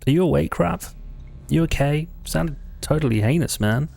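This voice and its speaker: A man's voice: fairly high pitch, normal speed, creaky, darkish tone, voice pushed up. A man doing a cocky hot-headed young fighter. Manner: cocky, quarrelsome.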